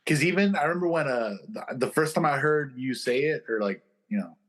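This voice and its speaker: Man, podcast co-host, laid-back, joking, low-voiced asides, mid-pitched voice. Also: lively intonation, a little fast, fairly bright tone. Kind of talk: casual chat.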